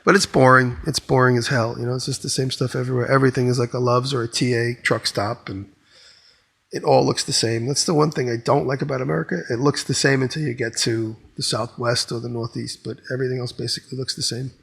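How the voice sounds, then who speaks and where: A man's voice: mid-range voice, steady tone, fast, gravelly, a bit bright, breathy edge. A man co-hosting a podcast, telling a long rambling story with lots of restarts. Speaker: podcast co-host. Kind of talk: casual chat.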